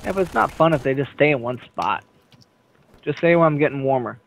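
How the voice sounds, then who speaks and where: A man's voice: mid-range voice, expressive, fairly quick, vocal fry, no room sound. A young man chatting casually during an online game, dry and coaxing. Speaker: gamer. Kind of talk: casual gaming chat.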